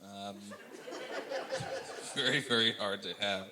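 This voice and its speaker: A man performing stand-up comedy in an animated, self-mocking way, speaking straight to the audience. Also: lowish voice, slow.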